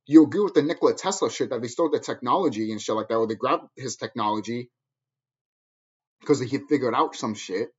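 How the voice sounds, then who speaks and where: Profane ranting man, husky voice. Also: mid-range voice, brisk, darkish tone, dull audio. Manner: profane, angry, preachy. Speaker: vlogger. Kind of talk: ranting monologue to camera.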